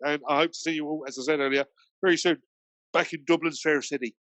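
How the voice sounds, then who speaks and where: A man's voice: a little high, steady tone, quick pace, fairly bright tone, dry recording. A man from Britain, a guest DJ, telling anecdotes in a rambling way full of fillers and restarts. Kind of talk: anecdotal storytelling in a conversation.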